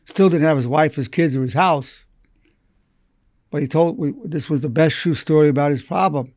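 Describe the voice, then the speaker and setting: A man's voice: on the high side, moderate pace, darkish tone, no echo, clean studio sound. Earnest older man in his eighties. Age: 80s. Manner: earnest, repeats key phrases for emphasis. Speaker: psychologist teaching a lesson. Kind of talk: recorded lesson told through patient stories.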